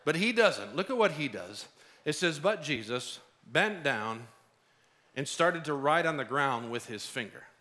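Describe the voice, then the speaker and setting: A middle-aged man preaching a sermon, lively, acting out the voices of the people in the story. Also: on the high side, a little slow. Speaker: pastor.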